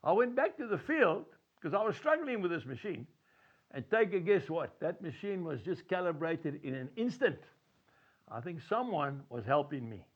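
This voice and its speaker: A man's voice: fairly high pitch, sing-song, normal speed, dull audio. A man giving an earnest devotional talk, telling folksy stories with chuckles. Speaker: preacher.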